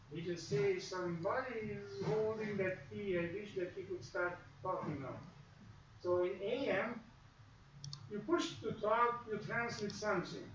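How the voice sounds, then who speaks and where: Bright and high, this man's voice carries a classroom lecture on radio, punctuated by acted-out examples in quoted asides. The recording has slight background noise and sounds dull and echoey, as if the mic were far away.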